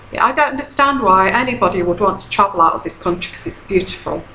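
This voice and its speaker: A woman's voice: mid-range voice, animated, fast, few pauses, bright, forceful tone, slight background noise. A woman, a tarot reader giving casual advice in a chatty, repetitive way and often checking in with "okay?". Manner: chatty, repeats herself, frequent "okay?" checks. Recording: echoey room.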